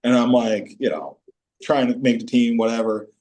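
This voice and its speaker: Man telling locker-room stories. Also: normal speed. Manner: animated anecdotes, jumps into high-pitched impressions of teammates. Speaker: podcast guest, former pro football player. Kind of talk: casual storytelling interview.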